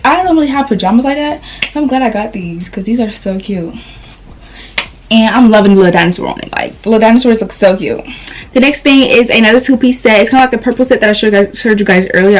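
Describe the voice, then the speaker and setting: A woman's voice: medium pitch, a little hiss or hum. A young woman vlogger chatting casually through a clothing haul, a little out of breath, rambling and calling her viewers y'all.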